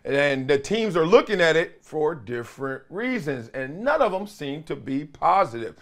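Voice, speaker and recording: A middle-aged man hosting an animated sports talk show, playful, with quick asides and impressions. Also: fairly high pitch. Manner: lively, playful, drops into quick impressions and chants. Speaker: host.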